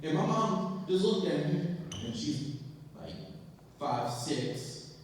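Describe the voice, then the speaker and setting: A young man doing stand-up comedy, telling a story in a profane, animated way and acting out the voices of the people in it. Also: fairly high pitch, takes it slowly, a little hiss or hum. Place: comedy stage in a hall. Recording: echoey hall, voice from far off.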